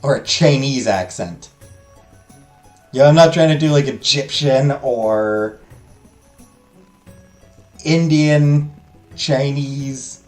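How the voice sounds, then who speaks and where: A man's voice: mid-range voice, slow, long pauses. A man, a let's play host, making sarcastic, joking asides in casual commentary. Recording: echoey room, faint music.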